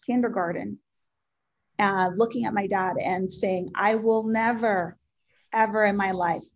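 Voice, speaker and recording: A woman in her forties whose first language is Spanish, telling her life story as an interview guest in an earnest, heartfelt way, with many ums and pauses. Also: mid-range voice, lo-fi sound. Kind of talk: personal life story in conversation.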